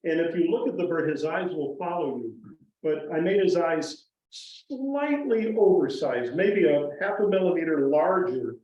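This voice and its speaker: A man telling stories about his carving to a live audience in a folksy, animated way. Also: fairly high pitch. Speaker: guest woodcarver speaker. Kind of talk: storytelling talk to a live audience. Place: museum presentation room. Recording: echoey hall, distant muffled mic.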